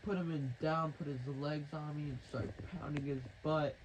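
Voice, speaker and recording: A man's voice: fairly high pitch, steady tone, moderate pace, a little hiss or hum, low-quality recording. A man telling a rambling, crude, mock-dramatic improvised story.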